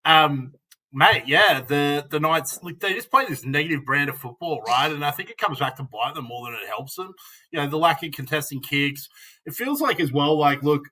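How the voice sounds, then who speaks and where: A man's voice: on the high side, expressive, moderate pace, bright, forceful tone, low-quality recording. An Australian man co-hosting a casual sports chat, chatty and laughing often. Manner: chatty, laughs often, lots of fillers like "look" and "mate". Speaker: podcast co-host.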